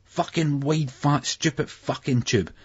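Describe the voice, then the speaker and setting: A man narrating a first-person novel in a raw, gritty way, with a husky voice. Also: a little high, measured pace. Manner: gritty, raw delivery with heavy swearing. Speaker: audiobook narrator. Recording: muffled lo-fi audiobook recording.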